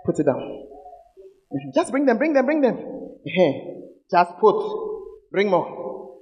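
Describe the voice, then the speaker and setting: Male preacher, high voice with a wide swinging range, shouted and intense, long hall reverb. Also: sing-song, slow pace, highs cut off. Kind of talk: sermon.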